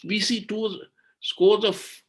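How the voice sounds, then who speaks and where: Sri guy on a webinar call, kinda high voice, indignant, lots of rhetorical questions. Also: level tone, takes it slowly. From Sri Lanka. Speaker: webinar speaker on environmental law. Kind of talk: impassioned webinar talk.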